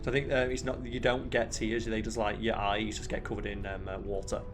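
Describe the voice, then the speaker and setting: A man's voice: fairly low pitch, little pitch movement, a little fast, music in the background. A man hosting a let's play, chatting casually and rambling as he swears freely over the game. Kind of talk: casual gaming chat.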